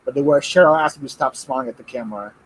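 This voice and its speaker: A man hosting a live stream, chatting casually and getting loud and excited over viewer donations. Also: mid-range voice, racing, slight background noise, poor audio. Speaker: livestream host. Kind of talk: casual chat.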